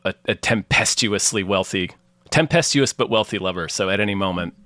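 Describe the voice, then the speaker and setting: A man's voice: on the low side, brisk, pushed and bright, no room sound. A man running a tabletop game on a podcast, relaying a character's backstory with amused chuckles. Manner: amused, chuckling while relaying absurd details. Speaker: game master. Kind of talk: casual podcast chat, reading a character backstory.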